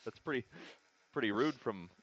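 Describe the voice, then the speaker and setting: A man's voice: mid-range voice, animated, normal speed, fairly bright tone. A man playing a tabletop game, laughing a lot and swearing in casual chat. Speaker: player. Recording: dull lo-fi mic.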